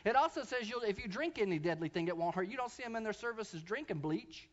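A man preaching a sermon who tells a story, swinging from quiet asides to loud, shouted preaching. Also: high-pitched, animated, fast talker, muffled recording. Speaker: pastor.

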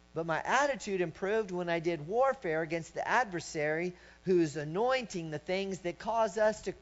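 A man preaching a sermon, telling a personal story and rising to loud shouts as he acts it out. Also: high-pitched. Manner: storytelling, swelling to shouts when acting out his story. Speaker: pastor. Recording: dull lo-fi recording with mains hum.

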